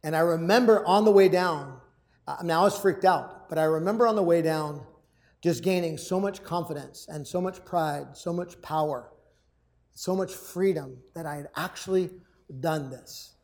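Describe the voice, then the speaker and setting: With a fairly high pitch and moderate pace, a man speaks to a live audience in a motivational talk. He energetically shares a personal story, performing shouted lines and frequently repeating words.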